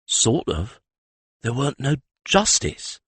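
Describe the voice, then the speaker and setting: A man's voice: mid-range voice, wildly swooping pitch, slow, fairly bright tone, husky, no echo, voice pushed up, full character voice. A man voicing a bold, cheeky young male street thief who talks in street slang with double negatives.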